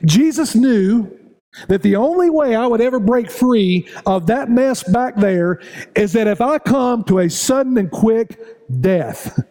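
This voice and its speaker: In a church sanctuary, a middle-aged pastor with a very high-pitched, mellow voice preaches animatedly at a measured pace. His sermon builds toward raised, repetitive appeals to the congregation.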